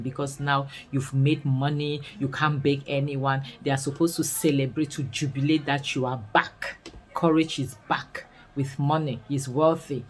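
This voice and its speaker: A woman with a Nigerian accent recapping a series in casual commentary, expressive and full of scolding rhetorical questions. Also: a bass voice, a little slow, rough recording. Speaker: series reviewer.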